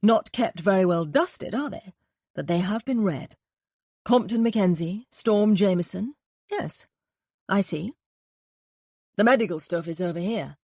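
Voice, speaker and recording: A woman reading an audiobook, voicing a chatty upper-class gentleman detective with playful drawling asides. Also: medium pitch, expressive, measured pace, long pauses, no room sound, studio quality. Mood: musing.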